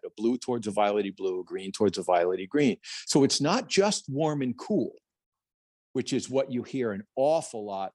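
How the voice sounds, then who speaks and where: A middle-aged man with a husky, slightly breathy voice tells a story on a podcast. He is animated and acts out the voices of others. The sound is dry and close. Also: mid-range voice, no echo. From New Jersey, United States. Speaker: plein air painter, guest.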